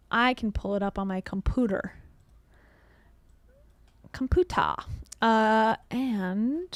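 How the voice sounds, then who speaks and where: A woman's voice: a little high, no echo. Chatty woman streamer, dry close sound. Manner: chatty, rambling, laughs often, sarcastic asides. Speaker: livestream commentary host. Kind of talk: casual livestream commentary.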